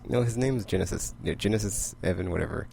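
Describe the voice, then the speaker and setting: A man's voice: deep voice, quick pace, vocal fry, mellow, a little hiss or hum. A man casually recapping comic books, rambling and full of "like". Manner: rambling, heavy use of "like". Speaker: comic book vlogger.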